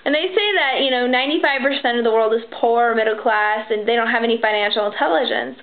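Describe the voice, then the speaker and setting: A woman with a high voice rambles casually, full of fillers, restarts and little acted-out quotes. The sound is thin and tinny, like a phone line. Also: fast talker. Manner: acts out quoted people in her story. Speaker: vlogger giving financial advice. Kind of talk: casual chat.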